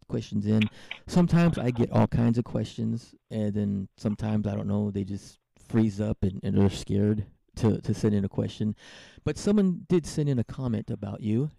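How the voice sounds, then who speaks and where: A man's voice: on the low side, normal speed, vocal fry, hardly any pauses, dark tone, no echo. A man hosting a podcast interview, chatting casually and rambling with many fillers and restarts. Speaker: podcast host.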